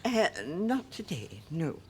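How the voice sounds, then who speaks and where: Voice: mid-range voice, big pitch swings, slow, a little mellow, a little hiss or hum. An actor playing a prim, reserved older woman customer with grandchildren, in a comedy sketch. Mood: guarded. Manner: prim, evasive.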